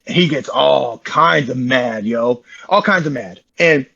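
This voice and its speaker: A man's voice: medium pitch, creaky, bright, forceful tone, husky, lo-fi sound. A man, an interview guest, telling a long rambling story in slangy, repetitive casual talk over a call. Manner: fast, repetitive, slangy, says "bro" often.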